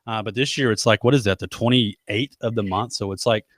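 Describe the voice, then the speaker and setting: A man's voice: lowish voice, fairly quick, fairly bright tone, no echo. Chatty man hosting a live show. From United States. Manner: chatty, rambling, self-deprecating jokes. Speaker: host. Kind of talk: casual live-stream chat.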